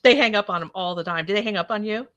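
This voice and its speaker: Bright-voiced chatty woman host. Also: medium pitch, quick pace, lo-fi sound. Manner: chatty, laughs often, acts out her husband's lines. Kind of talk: casual chat on a live stream.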